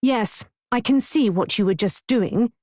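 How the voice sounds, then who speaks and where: A sharp, icy middle-aged wife with no patience for nonsense, as a woman narrator puts her on. Every line lands clipped and cold. Dry, close audiobook sound. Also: on the high side, unhurried, no room sound, pitched above the performer's own voice. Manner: icy, snappish.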